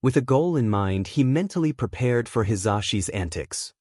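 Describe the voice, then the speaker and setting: Male narrator, mid-pitched, dead-dry close recording, steady storybook read. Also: moderate pace, dry recording. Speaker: fanfiction reader. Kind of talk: scripted narration.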